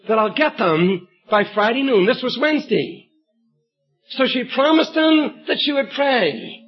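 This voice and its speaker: High-voiced husky preacher, lo-fi. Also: male voice. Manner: emphatic storytelling, bursts of shouted emphasis. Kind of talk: sermon with illustrative story. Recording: dull lo-fi recording.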